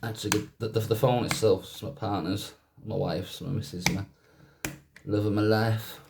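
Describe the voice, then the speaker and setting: A man with a lowish voice chats his way through taking a gadget apart. He rambles and keeps stopping to correct himself. His manner stays relaxed and offhand. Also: normal speed, creaky, noisy background. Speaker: YouTuber doing a gadget teardown. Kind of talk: casual teardown commentary.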